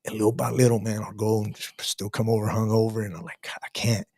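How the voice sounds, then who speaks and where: Fast, slangy man in his thirties, husky and dry, telling his testimony with lots of restarts. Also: lowish voice, little pitch movement, dark tone, no echo. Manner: fast, emphatic, street slang, many restarts. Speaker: guest sharing testimony. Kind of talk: casual storytelling testimony.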